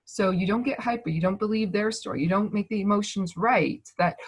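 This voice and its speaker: A woman in her thirties, giving a gentle, reassuring talk over a video call and thinking aloud as she goes. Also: mid-range voice, a little fast, hardly any pauses, slightly rough. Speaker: speaker on emotions and manifestation.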